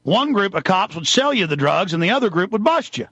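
A man from Texas delivers a furious, accusatory talk-show rant. His voice sits high and has a sharp, forceful edge. The recording is dry and close, with a slightly dull, muffled tone. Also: big pitch swings, brisk, slightly rough, no echo. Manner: shouting, accusatory, ranting. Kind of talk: angry political rant.

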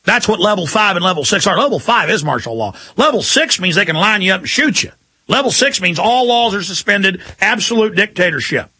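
A man's voice: high voice, very animated, brisk, sharp tone, slightly rough, no echo. A man hosting a talk radio show in an urgent, combative, ranting monologue. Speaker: radio host.

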